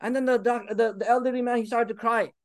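Young guy preaching a sermon, really high voice, fired up, arabic phrases all through, dry close sound. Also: steady tone, quick pace, no room sound. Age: 30s. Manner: impassioned, mixing in Arabic phrases and urging the listeners.

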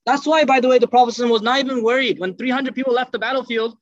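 A man giving an animated sermon, telling stories and acting out the people in them. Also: very high-pitched, quick pace, dry recording, lo-fi sound. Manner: animated, acts out quotes in dropped voices. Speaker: Islamic lecturer. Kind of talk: lively sermon storytelling.

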